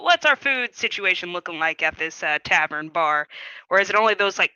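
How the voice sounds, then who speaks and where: A woman's voice: lowish voice, lively intonation, normal speed, bright, forceful tone, clear, resonant tone, dry recording, poor audio. A woman playing a tabletop game, chatting casually with lots of "like" and "you know". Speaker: player.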